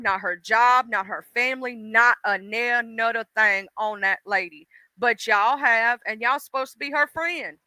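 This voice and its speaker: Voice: medium pitch, pushed and bright, no room sound. A livestream host ranting bluntly and profanely, speaking straight to the audience. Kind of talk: casual livestream rant.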